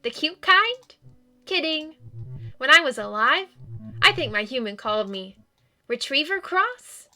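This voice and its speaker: A woman's voice: sits high, big pitch swings, measured pace, long pauses, pushed and bright, faint music behind, voice pushed up, exaggerated voice. Woman doing a bubbly young dog ghost. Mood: cheerful. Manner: bubbly, apologetic, childlike. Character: sweet eager young male dog ghost. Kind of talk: video game character reading.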